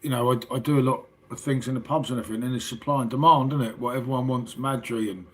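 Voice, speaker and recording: A man's voice: mid-range voice, fairly even intonation, fast. A middle-aged English man hosting a casual late-night livestream, chatting with viewers in a matey, sweary way. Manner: matey and sweary, calls everyone mate. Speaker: livestream host.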